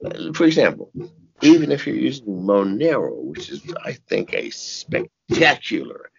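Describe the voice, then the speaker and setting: An older man giving an interview, cursing freely and telling stories in an animated way, his voice jumping into sudden high shouts and laughs. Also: a little slow, vocal fry, slightly rough, lo-fi sound. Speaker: interview guest. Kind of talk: casual interview talk.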